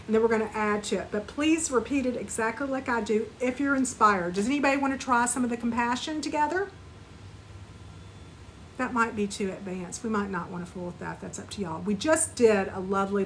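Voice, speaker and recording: A woman teaching a live online spiritual class, gently guiding listeners through an energy clearing and repeat-after-me compassion phrases. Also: mid-range voice, slight background noise, rough recording.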